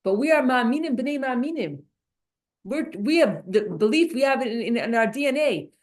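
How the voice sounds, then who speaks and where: A woman teaching a Torah class, animated and restarting her sentences often. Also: fairly high pitch, normal speed. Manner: animated, many restarts and repeated words.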